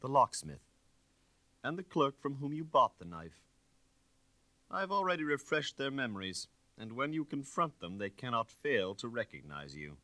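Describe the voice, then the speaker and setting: A man's voice: mid-range voice, very animated, moderate pace, pushed and bright, no room sound, pitched above the performer's own voice. A man reading aloud, voicing a dry, hard-spoken male ex-inspector who talks with firmness and precision. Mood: firm. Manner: firm and precise, pressing.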